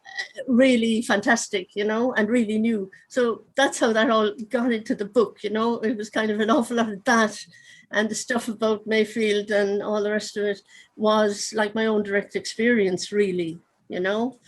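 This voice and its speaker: A woman's voice: medium pitch, fairly even intonation, moderate pace, low-quality recording. Chatty woman with a Cork accent. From Ireland. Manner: chatty and rambling, many asides. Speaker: author. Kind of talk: casual conversation. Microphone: video call.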